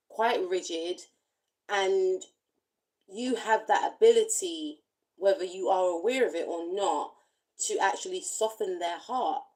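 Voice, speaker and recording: A woman with a slightly low voice talks through a tarot reading. She addresses the listener gently and reflectively. Her phrases loop and repeat as she searches for the words. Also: poor audio. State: briefly emotional. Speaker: tarot reader.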